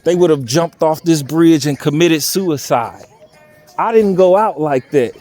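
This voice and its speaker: Young man, higher-pitched voice, earnest and emotional, speaking outdoors into a phone with faint music underneath. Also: measured pace, a little mellow. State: voice unsteady from crying. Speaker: vlogger. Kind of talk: candid personal vlog. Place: outdoors by a railroad bridge.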